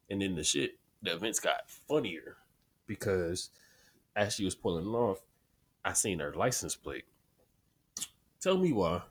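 A young man hosting a podcast, telling stories in a slangy, profane, casual way. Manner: slangy, profane storytelling, gets loud and high when worked up. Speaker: podcast host. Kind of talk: casual solo podcast rant.

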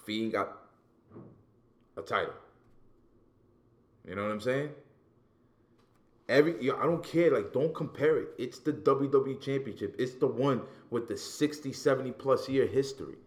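A man in casual, animated, profane chat about wrestling as a podcast co-host, often repeating words as he gets going. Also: medium pitch, moderate pace, pauses often.

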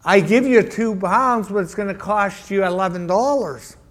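A preacher doing a folksy friendly butcher. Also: male voice, sits high, normal speed, natural voice. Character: friendly chatty male butcher.

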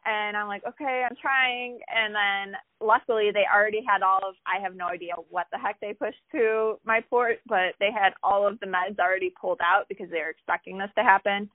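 A woman guest chatting casually about her life, telling a story with lively acted-out quotes and lots of "like" fillers. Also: medium pitch, brisk, hardly any pauses, no room sound. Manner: animated, acts out quoted voices, many "like" fillers. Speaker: podcast guest. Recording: tinny phone-like line, dry.

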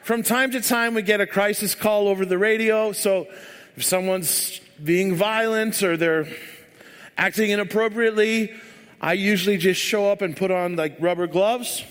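Church speaker, man, high voice, rambling and joking, long hall reverb. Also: a bit bright. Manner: rambling, joking, filler-heavy. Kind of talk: sermon with casual storytelling.

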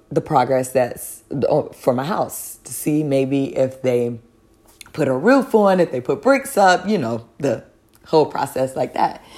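A woman's voice: deep voice, a little mellow. A woman telling a personal faith testimony, earnest and conversational, speaking directly to listeners.

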